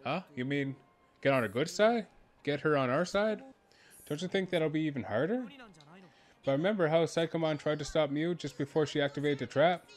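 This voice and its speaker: A man's voice: a little high, normal speed. A man reading a game's dialogue aloud in his own voice, unscripted, with slips and restarts. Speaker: player voicing game dialogue.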